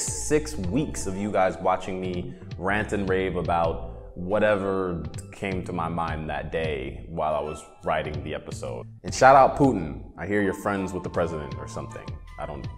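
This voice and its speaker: Animated young man ranting comedically. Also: sits low. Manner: animated, rambling, jumps into silly voices. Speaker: vlog host. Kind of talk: comedic rant. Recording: reverberant room with faint music.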